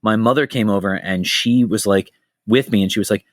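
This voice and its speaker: A middle-aged man hosting a casual podcast, telling stories in an animated way, swearing freely and jumping between tangents. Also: on the low side, fairly quick, dry recording, clean studio sound. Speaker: podcast host.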